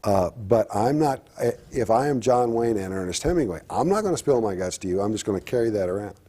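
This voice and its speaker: A middle-aged man talking candidly as a guest, halting and reflective, with frequent restarts. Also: fairly low pitch, expressive, warm tone. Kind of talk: candid personal talk-show conversation.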